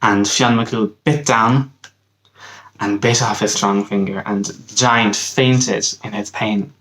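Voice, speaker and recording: Relaxed Irish man telling a folk tale. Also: fairly low pitch, slow, poor audio. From Ireland. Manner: relaxed, hesitant, with many ums and restarts. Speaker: camp counselor, teacher. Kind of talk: casual storytelling of a folk tale.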